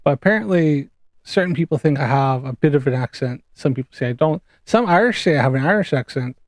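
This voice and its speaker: A Canadian man with a faint Scouse edge, on the higher side for a man, talks over a video call. He tells stories with lively energy, swears freely and laughs as he goes. The sound is close and dry. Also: fast talker, no room sound. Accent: Canadian, with some Scouse. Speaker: guest. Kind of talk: casual chat.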